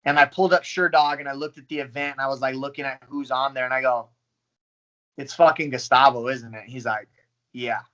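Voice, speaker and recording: A man in his thirties, a professional fighter, telling his story in a casual, profane, animated way. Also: mid-range voice, quick pace, dull audio. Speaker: pro fighter. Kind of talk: casual interview talk.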